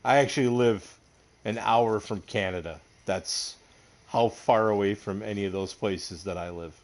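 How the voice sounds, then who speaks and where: A man from upstate New York hosts a casual gaming livestream, joking and laughing with friends and greeting his viewers directly. His voice is fairly low and his pace measured.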